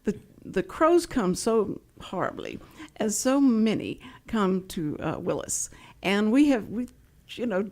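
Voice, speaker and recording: A woman hosting a community radio talk show, telling rambling, playful stories in casual chat. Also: medium pitch. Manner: chatty, rambling storyteller, playful.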